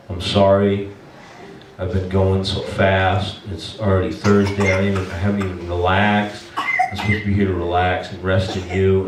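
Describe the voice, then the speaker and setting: A man's voice: deep voice, far from the mic, a little hiss or hum. Man preaching a story in an echoey church. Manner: animated, emotional storytelling with many restarts. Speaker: pastor. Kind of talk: storytelling sermon. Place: church sanctuary. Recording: echoey church room from afar.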